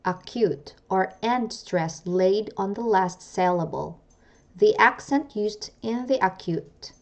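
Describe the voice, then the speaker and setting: A woman teaching pronunciation as a language teacher, saying each example word slowly and carefully, then repeating it. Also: medium pitch. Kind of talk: slow instructional narration.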